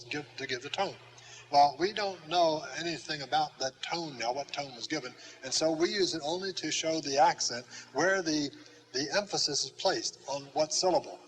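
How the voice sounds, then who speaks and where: An older man teaching a classroom Greek lesson, patient and halting with many pauses. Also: a little high, a bit bright, slight background noise, poor audio. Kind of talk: classroom lecture.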